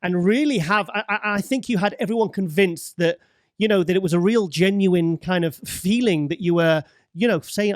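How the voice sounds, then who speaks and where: A male interview host with a notably high voice rambles and repeats himself, turning apologetic when he cuts in. He sounds close and dry, with no room around him. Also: normal speed, no room sound. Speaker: show host. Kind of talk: casual interview.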